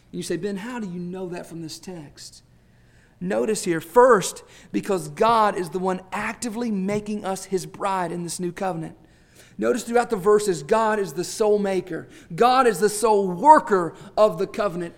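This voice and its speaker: A man preaching a sermon, swelling to emphatic peaks and dropping to hushed, drawn-out phrases. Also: high-pitched. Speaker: pastor.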